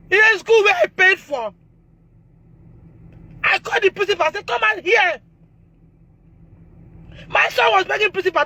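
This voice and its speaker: A Nigerian woman speaking on a phone livestream, distressed and loud, re-enacting conversations as a mother. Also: extremely high pitch, moderate pace, long pauses, dry recording. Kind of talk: emotional livestream testimony.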